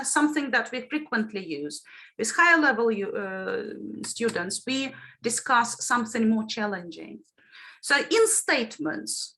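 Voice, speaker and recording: A middle-aged woman teaches trainee teachers in an online lesson. Her fairly high voice is bright and clear. It swoops widely as she models intonation and questions the group. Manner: lively, demonstrates intonation with questions to the class.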